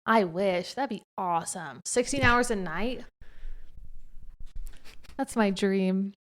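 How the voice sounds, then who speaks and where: A young woman podcast host chats casually with her husband, who is interviewing her. She's talkative and expressive, speaks slowly at a medium pitch, and uses "like" constantly.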